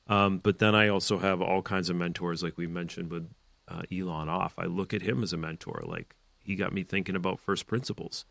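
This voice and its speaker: Deep gravelly man in dry casual chat. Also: steady tone, fairly quick, fairly bright tone, dry recording. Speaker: podcast co-host.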